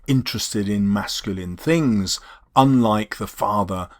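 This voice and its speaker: A man with an English accent explaining a poem as a teacher, slowing down to stress key words. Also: lowish voice. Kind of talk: poetry analysis lesson.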